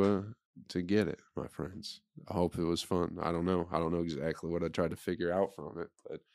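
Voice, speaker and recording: Host: man, low voice, dry close mic, swearing and riffing loosely through a solo comedy bit. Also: dry recording. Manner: profane, rambling, riffing. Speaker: podcast host. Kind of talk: casual comedy podcast monologue.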